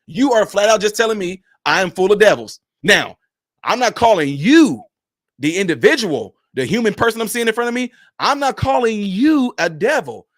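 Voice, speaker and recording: A man's voice: high-pitched, sing-song, normal speed, fairly bright tone, no room sound, studio quality. A man who is a minister, streaming and talking in a preachy, emphatic, repetitive cadence. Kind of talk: preachy livestream commentary.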